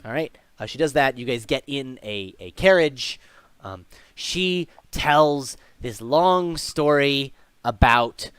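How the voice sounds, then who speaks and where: A man's voice: medium pitch, expressive, slow pace, a bit bright, clear, resonant tone, dry recording. A man narrating a tabletop game as game master, casual and full of fillers.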